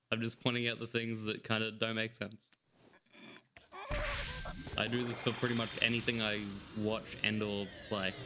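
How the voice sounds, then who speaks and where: A man's voice: on the low side, completely flat delivery, moderate pace, long pauses, very noisy. A man giving casual let's-play commentary, joking and sarcastic and laughing often. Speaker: gameplay commentator.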